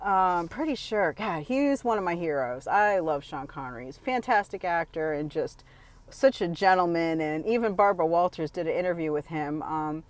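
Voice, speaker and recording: A woman's voice: fairly low pitch, animated, moderate pace. A woman talking to camera in a casual, opinionated monologue, blunt and emphatic, often restarting her sentences. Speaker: vlogger.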